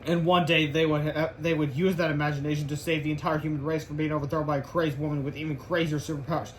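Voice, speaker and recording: A man reading a children's book aloud as storyteller, in a lively, expressive way. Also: a little high, fast, slight background noise.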